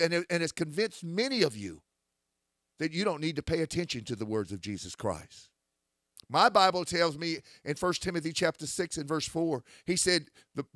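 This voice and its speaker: Male preacher, fiery and scripture-heavy, slightly high voice. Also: dry recording, clean studio sound. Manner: forceful, scripture-quoting, rising to shouts. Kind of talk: critical sermon.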